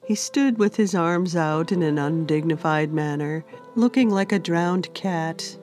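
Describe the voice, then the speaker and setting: A woman author reads her own fantasy story aloud. Her voice sits a little low and her pace is very slow. The reading is gentle and unhurried. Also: soft background music. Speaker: author and narrator. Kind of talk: storybook narration.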